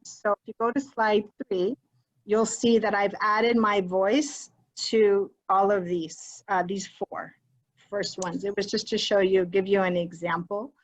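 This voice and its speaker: A woman's voice: mid-range voice, level tone, measured pace. A woman leading an online workshop for teachers in a chatty, encouraging way, mixing in Spanish phrases, recorded on a computer mic during a video call. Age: adult with a child. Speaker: teacher leading a training for educators.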